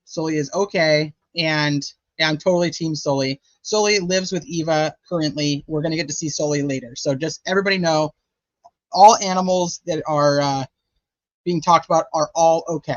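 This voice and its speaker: Here a true crime channel host talks at a normal speed in a fairly high voice, casual and chatty, full of "like" and "you know." The audio is dull, lo-fi and dry, with no echo.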